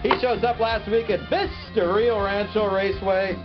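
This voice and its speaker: Man, high voice, pompous mock talk show host, music in background. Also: fairly even intonation, normal speed. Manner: pompous, self-important. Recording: dull lo-fi sound with music behind.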